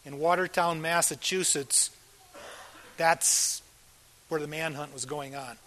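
An older pastor delivering a sermon in a fairly high voice. He talks earnestly, swelling into loud emphatic lines and then sinking to near-hushed asides. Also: fairly even intonation, slow pace. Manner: earnest, swings between loud emphasis and soft quiet asides.

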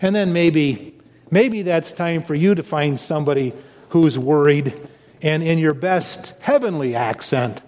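Male pastor, fairly high voice, earnest sermon delivery, long church-hall reverb. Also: a little slow, darkish tone.

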